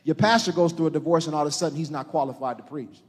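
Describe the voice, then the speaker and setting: Man, pastor, sermon, high voice, rises from hushed to shouting, talks to the congregation, long church hall reverb. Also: very fast, husky. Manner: impassioned preaching that swings from hushed to shouting; calls on the congregation directly.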